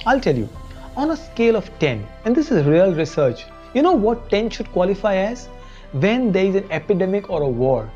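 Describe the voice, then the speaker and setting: Lively Indian English woman teaching. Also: medium pitch, highs cut off. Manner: animated, asks the audience rhetorical questions. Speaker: education show presenter. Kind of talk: motivational lesson to the camera.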